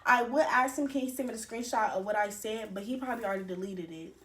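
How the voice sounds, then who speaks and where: A young woman telling a rambling, animated storytime with slang and cursing. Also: a little high, quick pace. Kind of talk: casual storytime. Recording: echoey room.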